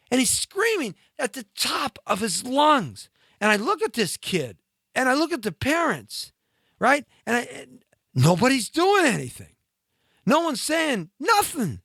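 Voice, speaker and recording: A talk-show host man delivers a comic rant, his voice swooping up and down in mockery. He sounds high and bright, with a sharp edge. The recording is close and dry. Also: vocal fry, dry recording. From mixed Latin and Scottish-Irish heritage. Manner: animated, ranting, mocking with sudden pitch jumps. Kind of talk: comedic monologue rant.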